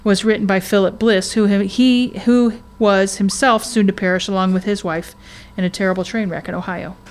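A woman's voice: mid-range voice, fairly even intonation, normal speed. Earnest woman podcast co-host. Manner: earnest, restarts often, reads story aloud. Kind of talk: casual faith podcast chat.

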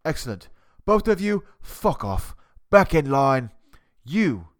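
A man's voice: on the high side, very animated, takes it slowly. A man impersonating a furious, foul-mouthed male TV head chef who barks insults and clipped commands at cooks. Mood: dismissive. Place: home basement. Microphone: cheap desktop USB mic.

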